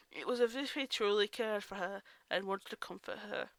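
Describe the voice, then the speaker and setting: A woman reads fan fiction aloud casually, breaking off for chatty asides and interrupting herself to make corrections. Her mid-range voice moves at normal speed with hardly any pauses, in a dry recording.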